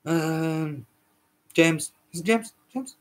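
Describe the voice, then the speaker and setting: A man's voice: on the high side, extremely slow. A man hosting a solo podcast, ranting in a heated, repetitive way, swearing often and stumbling over his words. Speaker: podcast host.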